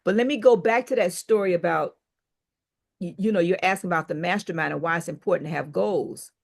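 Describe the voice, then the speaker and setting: Older woman telling a lively story. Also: fairly low pitch, a little fast, vocal fry. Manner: animated storyteller who acts out quoted dialogue. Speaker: podcast guest, business owner. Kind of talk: storytelling in an interview.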